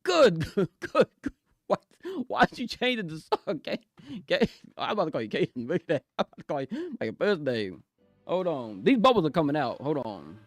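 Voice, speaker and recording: Young man, streamer, lively bouncing pitch, dry close sound, giggly and slangy, faint music behind. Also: fairly quick, no echo. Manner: excitable, giggly, slangy, keeps saying "bro". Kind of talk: casual live-stream chat.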